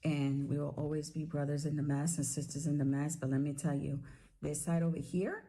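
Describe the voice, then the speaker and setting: A middle-aged woman recording a casual video message for a friend, chatty and animated, telling a playful teasing story. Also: deep voice, brisk, poor audio. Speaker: retired sailor, friend giving a video tribute.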